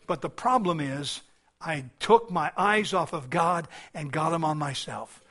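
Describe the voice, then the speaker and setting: A man preaching a sermon with a somewhat high voice. He talks earnestly, building to loud stretches and then sinking back to a soft, low delivery. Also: a little slow. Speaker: pastor.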